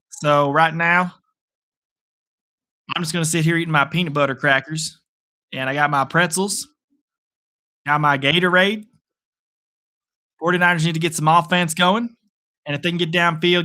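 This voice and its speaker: A man's voice: fairly high pitch, normal speed, long pauses, pushed and bright. A man putting on a Southern accent as a folksy, drawling commentator during a live game reaction stream. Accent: put-on American Southern.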